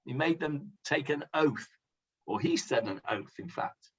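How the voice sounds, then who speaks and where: A man, a rabbi, leading a conversational Bible class, pausing with many fillers and asking the class questions. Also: on the high side, animated, fairly bright tone, slightly rough. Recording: dull lo-fi sound.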